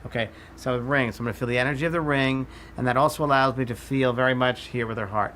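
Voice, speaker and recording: A man of middle pitch teaching a psychic class, talking through a live demonstration. He moves in short, halting phrases and keeps circling back to what he feels. Faint noise sits under his voice. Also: fairly bright tone. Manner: halting, repeats "I feel" while reading impressions.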